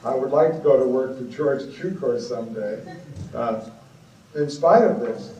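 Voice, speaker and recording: A man's voice: medium pitch, moderate pace, mellow, far from the mic, dull audio, slight background noise. A man in his fifties from Illinois giving a talk, rambling through anecdotes with exclamations and asides. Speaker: guest speaker. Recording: echoey hall taped from the audience on cassette.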